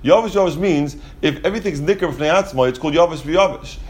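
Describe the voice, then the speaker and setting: Fast-talking man teaching Talmud. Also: on the high side. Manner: rapid, explanatory, many restarts and "you know" asides. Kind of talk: casual Talmud class explanation.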